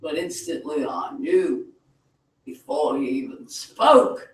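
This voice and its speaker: A man performing spoken word poetry at an open mic, theatrical, moving from hushed lines to shouting. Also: fairly high pitch, lively intonation, takes it slowly. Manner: theatrical, swinging from quiet to shouting. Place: cafe venue. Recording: echoey room, mic far off.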